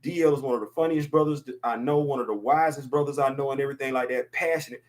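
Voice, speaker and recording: A man's voice: medium pitch, quick pace. Emphatic man in his fifties. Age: 50s. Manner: emphatic, preachy, repeats words for effect. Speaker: podcast host. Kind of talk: casual opinion talk.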